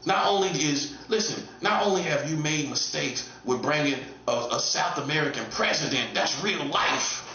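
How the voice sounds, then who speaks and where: Taunting man in his forties, bright and echoey. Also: moderate pace, few pauses, dull audio, a little hiss or hum. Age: 40s. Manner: mocking, repetitive rhetorical questions, swinging high and low. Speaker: self-styled prophet streamer. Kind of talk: taunting monologue.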